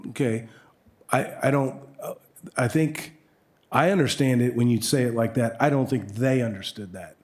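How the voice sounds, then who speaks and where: A council member at a city meeting, speaking slowly and haltingly, restarting his phrases. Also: mid-range voice, darkish tone. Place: council chambers.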